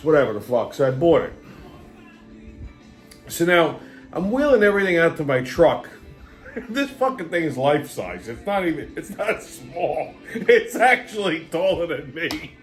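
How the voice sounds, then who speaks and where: A middle-aged host spins a rambling, foul-mouthed story and breaks into laughter often. His voice sits high for a man. Faint music plays underneath. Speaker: podcast host. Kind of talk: casual storytelling monologue.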